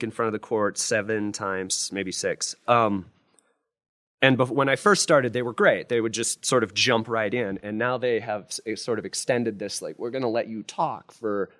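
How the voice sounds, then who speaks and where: A man's voice: mid-range voice, unhurried, fairly bright tone, dry recording, clean studio sound. A man, a criminal defense lawyer, talking casually and with self-deprecating humor on a live panel in front of law students. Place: law school lecture room with student audience.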